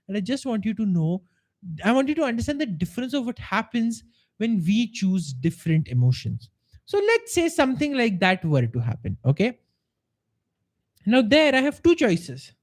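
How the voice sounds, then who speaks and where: A man coaching live on a stream, earnest and explanatory, acting out the voices of the people in his examples. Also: high voice. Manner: earnest, acts out quoted voices. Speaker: life coach. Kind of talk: live-streamed motivational talk.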